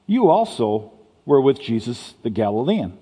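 A man's voice: medium pitch, big pitch swings, a little slow, dark tone, slightly rough. Man preaching in an echoing church hall. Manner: conversational preaching with stammered restarts. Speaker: pastor. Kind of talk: sermon. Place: church sanctuary. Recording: long reverb of a church hall.

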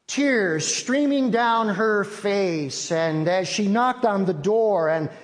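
A man with a high voice preaches a sermon at a slow, deliberate pace. His earnest storytelling rings out with long reverb, as if in a large church sanctuary. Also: animated. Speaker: pastor.

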